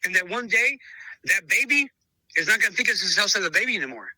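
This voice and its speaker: A man's voice: sits high, lively intonation, fast talker, sharp tone, dry recording, low-quality recording. A man who breeds dogs, telling stories in a casual interview and acting out both sides of past conversations, often calling the listener brother. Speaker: dog breeder.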